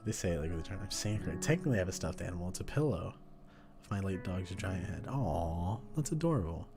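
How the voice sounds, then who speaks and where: A man's voice: sits low, very animated, fast. A man in his twenties chatting casually with viewers while journaling, playful and often laughing at himself. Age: 20s. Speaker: journaling video host. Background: background music.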